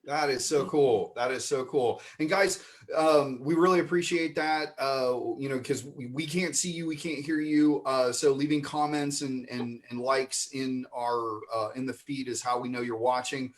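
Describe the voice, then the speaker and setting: A man's voice: mid-range voice, steady tone, moderate pace, few pauses. A man hosting an online improv comedy show, introducing the cast with rambling, filler-laden banter over a video call. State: mouth full of marshmallow. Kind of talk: livestream host banter.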